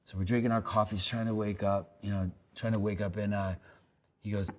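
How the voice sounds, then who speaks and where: A man's voice: fairly low pitch, flat delivery, fairly quick. A man, an actor, answering questions in a casual, rambling, self-deprecating way and telling loose anecdotes. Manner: laid-back, rambling, self-deprecating storyteller. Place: lives in New York.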